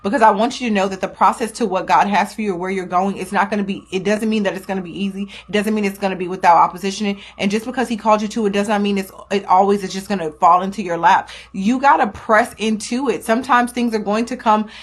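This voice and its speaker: A woman's voice: mid-range voice, steady tone, fast talker, hardly any pauses. A young woman hosting her podcast, talking candidly and emphatically as she encourages listeners in their faith. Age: young adult. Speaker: podcast host. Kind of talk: faith-based motivational talk. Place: small home recording studio.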